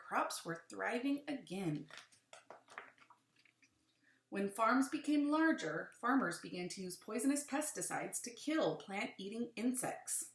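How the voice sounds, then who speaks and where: A woman teacher reads a picture book aloud to young children, with friendly explanations between passages. Her voice sits at an ordinary middle pitch. The room gives it a noticeable echo. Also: fairly bright tone. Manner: adds friendly asides to young pupils.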